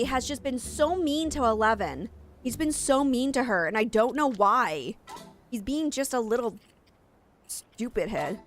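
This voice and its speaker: A chatty young woman hosts a live game stream and talks straight to her viewers in a loose, rambling way. Her voice sits a little on the high side. Faint game music plays underneath. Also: fairly bright tone. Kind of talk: casual live-stream chat.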